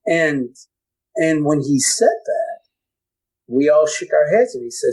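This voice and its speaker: Husky-voiced man telling a personal story. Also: fairly high pitch, lively intonation, darkish tone, low-quality recording. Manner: emotional, halting, repeats words. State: choked up. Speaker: podcast guest.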